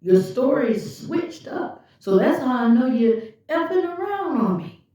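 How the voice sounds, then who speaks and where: A woman's voice: high-pitched, sing-song, measured pace, warm tone, voice pushed up. A woman voicing her jealous male partner, a narcissist who interrogates and accuses her. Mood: gloating. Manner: aggressive, interrogating. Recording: echoey room, far from the mic, dull lo-fi.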